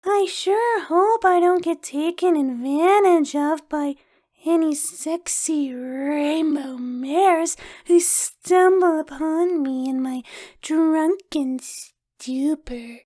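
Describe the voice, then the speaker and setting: A woman doing a drunk shy pony mare, squeaky high voice, slow slurring drawl, soft music behind. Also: full character voice. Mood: mock sultry. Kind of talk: fan-fiction audio reading.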